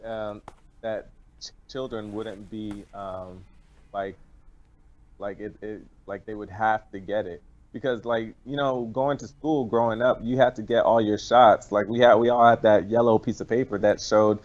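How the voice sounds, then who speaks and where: A man co-hosting a live show, talking casually in a hesitant, halting way with lots of fillers. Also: lowish voice, fairly even intonation, darkish tone, dull audio. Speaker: show co-host. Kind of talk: casual chat.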